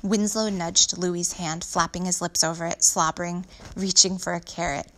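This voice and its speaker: A woman reading a children's novel aloud at a steady pace, with small slips and corrections. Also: fairly low pitch, moderate pace. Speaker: audiobook reader.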